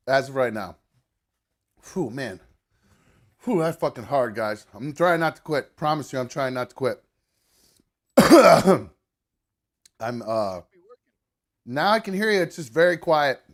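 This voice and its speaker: A man in the middle of an eating challenge, talking casually through mouthfuls of food, groaning, cursing and sounding strained and sweaty. His voice sits at an ordinary middle pitch for a man. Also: animated, measured pace, pauses often. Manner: groaning, swearing, eating between words. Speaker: podcast host.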